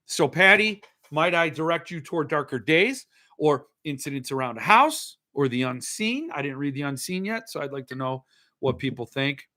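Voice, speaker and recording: A man's voice: a little high, expressive, moderate pace, pushed and bright. A middle-aged man hosting a casual live show, rambling and joking as he reads viewer comments aloud. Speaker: podcast host. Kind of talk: casual livestream chat.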